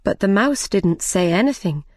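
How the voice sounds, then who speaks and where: A woman reading a storybook aloud in a slow, careful, plain way. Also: mid-range voice, animated, darkish tone, no echo, clean studio sound.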